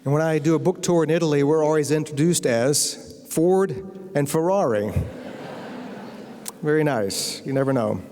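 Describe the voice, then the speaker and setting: A man's voice: a little high, normal speed, darkish tone. American man telling a comic lecture story. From United States. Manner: anecdotal, with comic timing. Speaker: guest lecturer and novelist. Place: university lecture hall. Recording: long reverb of a lecture hall.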